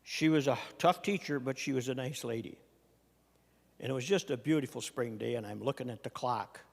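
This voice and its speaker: A man's voice: medium pitch, a little fast, gravelly. An older man from Minnesota, a retiring state senator, giving a farewell floor speech with folksy storytelling and dry humor. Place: legislative chamber. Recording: long reverb of a large chamber.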